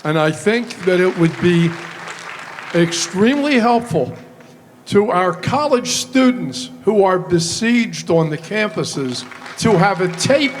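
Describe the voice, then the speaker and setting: A man's voice: high voice, animated. A man in an audience speaks an earnest comment to a lecturer. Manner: slow, earnest praise. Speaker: audience member. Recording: echoey hall with crowd and noise.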